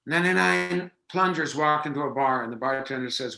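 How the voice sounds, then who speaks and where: A man improv player telling improvised jokes, dropping his voice low for the punchlines. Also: fairly quick, vocal fry, sharp tone, reverberant, poor audio.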